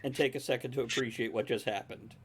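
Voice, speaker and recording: A man's voice: mid-range voice, steady tone, fast talker, a bit bright. A man on a livestream chat telling a vivid anecdote, acting out the scene as he goes. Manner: vivid storyteller, acts out scenes. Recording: faint background noise.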